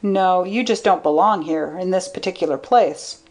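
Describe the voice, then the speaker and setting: A woman voicing a shrewd, thoughtful man who speaks in a calm, measured way. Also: fairly low pitch, close to an everyday voice.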